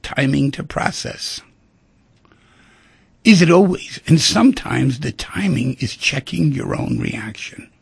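Gravelly raspy guy hosting a radio show, lively up and down voice, dry close sound. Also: a little high, slow pace, no room sound. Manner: conversational, acts out quoted voices. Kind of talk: reflective monologue on relationships.

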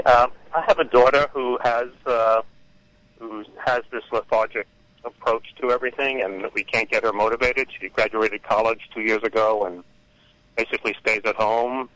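Middle-aged male caller, halting delivery, bright and forceful tone. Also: mid-range voice, dry recording, low-quality recording. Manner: hesitant, halting, restarts. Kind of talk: call-in radio conversation. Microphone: phone.

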